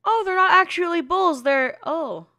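A woman's voice: extremely high pitch, lively intonation, measured pace, gravelly, sharp tone. A woman hosting an anime reaction video, chatting casually, giggling often and teasing herself. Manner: giggly, chatty, self-mocking, swears casually. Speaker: anime reaction channel host.

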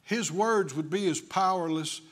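A man's voice: high-pitched, measured pace. A male preacher delivering a sermon emphatically, full of rhetorical questions.

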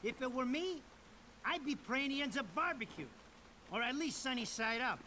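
An actor playing a crude, fast-talking mob wiseguy with an Italian-American New York accent, in a video game cutscene. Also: male voice, very high-pitched, lively intonation, sharp tone, full character voice. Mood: wisecracking.

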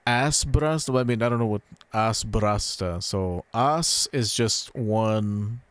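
A man streaming a game, casually explaining Japanese pronunciation and repeating words slowly as he thinks aloud. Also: lowish voice, smooth, no room sound. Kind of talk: casual gameplay commentary.

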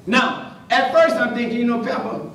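A priest telling funny stories in a sermon, animated and jokey, acting out the voices of the people in them. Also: male voice, extremely high pitch, moderate pace, a little hiss or hum. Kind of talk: comic storytelling sermon. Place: large church hall before an audience. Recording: far-off echoey hall with crowd laughter.

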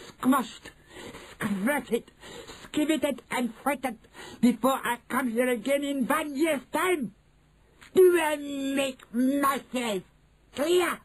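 A shrieking old witch queen who rules by terror. Her voice leaps wildly between screeches and sinister lows, with a husky edge, and she drags each word out slowly. A storybook villain through and through. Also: exaggerated voice. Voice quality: shrill and screeching, hissing when menacing. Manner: slow, drawn-out, commanding. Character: shrieking, tyrannical old female witch leader. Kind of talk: audiobook character voice.

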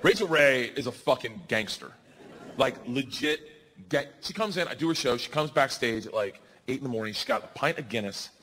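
A man in his forties telling a loud, animated stand-up story before a live audience. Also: medium pitch, noisy background. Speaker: stand-up comedian. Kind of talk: stand-up set.

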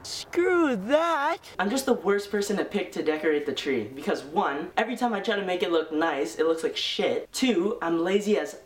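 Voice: medium pitch, expressive, normal speed, reverberant. A comedy vlogger doing a sarcastic, rambling holiday sketch in a mock-dramatic way.

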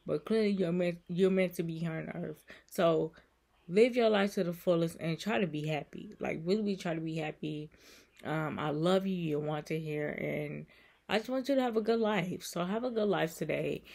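A woman vlogger with a lowish, creaky, slightly mellow voice speaks at a normal pace. Her talk is emotional, repetitive and soothing as she offers heartfelt encouragement to her viewers.

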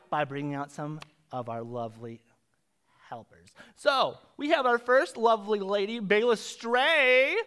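Man, drag show host, high voice, lively swooping delivery, campy self-mocking banter, live theater stage, handheld mic. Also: clean tone. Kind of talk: live comedy game show hosting. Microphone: handheld microphone.

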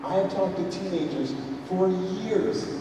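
Animated man telling a story in a hall. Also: high voice, unhurried, noisy background. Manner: animated, swings from loud exasperation to hushed tenderness. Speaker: motivational speaker. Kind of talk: storytelling talk to parents. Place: school auditorium. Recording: echoey hall, voice from far off.

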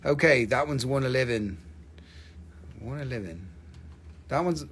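Husky, lively man hawking crystals. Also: mid-range voice, unhurried. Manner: joking, swearing, lively asides. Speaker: live-stream crystal seller. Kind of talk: casual live sales chat.

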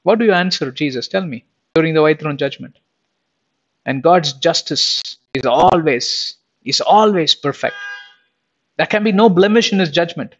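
A man's voice: on the high side, expressive, moderate pace. A man preaching a Bible lesson in an emphatic way, full of rhetorical questions and repetitions. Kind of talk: sermon. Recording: dull lo-fi recording.

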